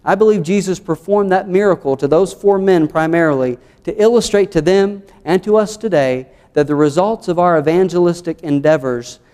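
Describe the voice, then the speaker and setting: A man with a Southern American accent from the United States preaches a sermon as an earnest pastor, moving through numbered points and scripture. His voice is high with a dark, clean tone, and he speaks at normal speed with few pauses. The sound carries through a large hall.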